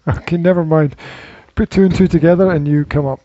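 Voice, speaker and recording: A man's voice: on the high side, steady tone, normal speed, warm tone, dry recording, muffled recording. A man hosting a casual podcast chat, teasing his co-host and laughing often.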